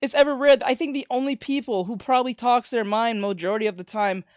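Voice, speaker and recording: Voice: mid-range voice, quick pace, dry recording, clean studio sound. An art streamer chatting casually while drawing, rambling and swearing with many restarts.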